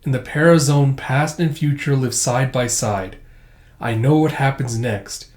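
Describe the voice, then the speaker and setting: A man voicing a blunt male space colonel, pitching his voice up, in a roomy recording. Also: measured pace, darkish tone, close to an everyday voice. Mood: solemn. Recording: roomy echo.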